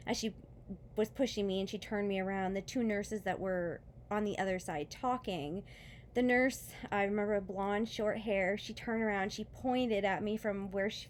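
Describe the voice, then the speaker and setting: A woman's voice: mid-range voice, a little hiss or hum. A woman with children telling her story of faith after foot surgery, earnest and chatty, with many fillers and short laughs, while in pain. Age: adult with children. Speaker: vlogger sharing a testimony. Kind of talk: casual personal testimony.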